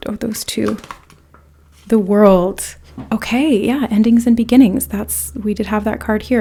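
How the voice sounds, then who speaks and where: A woman with a warm, mellow voice gives a pick-a-card tarot reading straight to the viewer. She talks in a loose, chatty way and often drops into soft, breathy asides. She sits close to the microphone. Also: mid-range voice. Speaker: tarot reader.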